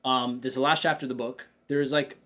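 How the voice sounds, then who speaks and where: A man hosting a business coaching podcast in casual talk. He is energetic, addresses listeners directly with asides like "check this out", and acts out his own inner dialogue. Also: medium pitch, fast talker.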